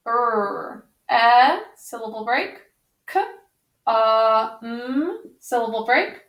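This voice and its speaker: A woman's voice: a little high, animated, very slow, fairly bright tone. A woman teaching a spelling lesson on video, patiently sounding out words one sound at a time. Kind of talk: slow, careful spelling lesson. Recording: roomy echo.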